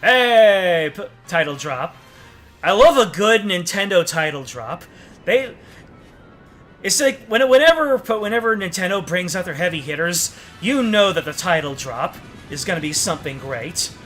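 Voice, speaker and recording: A high-voiced man with lively intonation and a fairly bright tone talks at a moderate pace over faint background music. Streaming a game, he keeps up casual, joking let's-play commentary, sometimes voicing the game's text like a newscaster.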